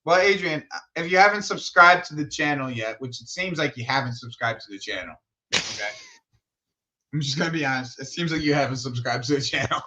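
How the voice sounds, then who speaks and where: A young man hosting a football watch-along stream, chatting casually in an animated, slangy way and laughing often. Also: medium pitch, fairly quick, background noise. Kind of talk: casual live commentary chat.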